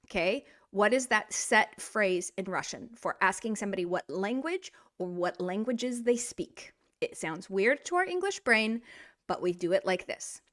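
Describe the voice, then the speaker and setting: A woman teaching a casual language lesson, animated and playful, speaking straight to the learner. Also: medium pitch, unhurried. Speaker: Russian teacher.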